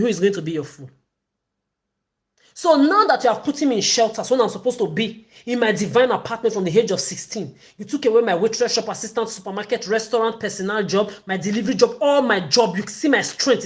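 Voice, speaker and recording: A woman delivering an angry, accusatory livestream rant, repeating herself as she goes. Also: a little high. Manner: ranting, accusatory, repetitive.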